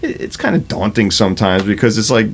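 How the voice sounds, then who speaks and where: Male rock musician in his fifties, slightly low voice, candid and profane, a natural storyteller. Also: sing-song, brisk, a little hiss or hum. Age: 50s. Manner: swears freely, acts out quoted exchanges. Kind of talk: casual storytelling interview.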